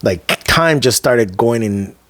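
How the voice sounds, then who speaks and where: A man co-hosting a podcast, telling a personal story in a loose, conversational way, with slang asides and dramatic slowdowns at key moments. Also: mid-range voice, expressive, a bit bright, no echo. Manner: vivid, emphatic storyteller who slows down for dramatic moments. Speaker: podcast co-host. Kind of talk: casual storytelling chat.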